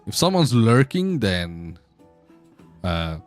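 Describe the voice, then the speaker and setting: A man streams a story game and chats loosely with his viewers, cracking irreverent jokes and rambling along. His voice swings widely in pitch, and faint music sits behind him. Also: sing-song, slow. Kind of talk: casual game commentary.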